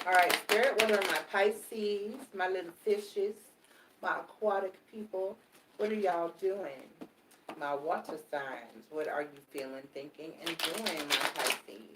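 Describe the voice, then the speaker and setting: Animated woman reading tarot, roomy echo. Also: fairly low pitch, a little slow, recorded from a distance, noisy background. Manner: animated, repetitive, swears casually, talks to the audience directly. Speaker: tarot reader.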